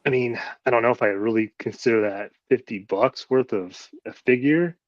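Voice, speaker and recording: A man's voice: medium pitch, normal speed, no echo. Man host, casual rambling chat, swears a lot, dry and lo-fi sound. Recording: dull lo-fi audio.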